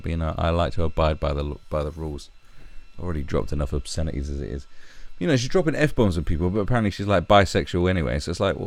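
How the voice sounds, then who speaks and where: A man ranting profanely as a stream commentator, with animated, exasperated outbursts. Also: deep voice.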